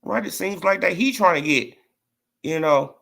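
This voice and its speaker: This vlog host talks about boxing in a casual opinion rant, his high voice carrying vocal fry and a fairly bright tone at a moderate pace. He's mocking and repetitive, frequently asking "right?" and "you feel what I'm saying."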